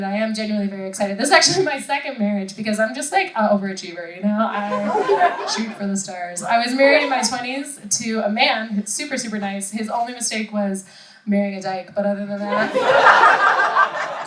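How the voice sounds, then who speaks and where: A woman in her thirties doing stand-up with crowd work, chatty and self-mocking, laughing often. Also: a little high. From Rochester, New York. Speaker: stand-up comedian. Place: comedy club stage. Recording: echoey room, far mic, loud crowd.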